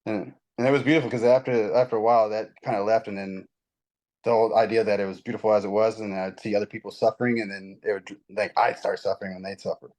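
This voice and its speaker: Fast-talking man telling a story. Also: fairly low pitch, low-quality recording. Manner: rambling, animated storytelling with many restarts. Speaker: guest. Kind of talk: casual spiritual chat.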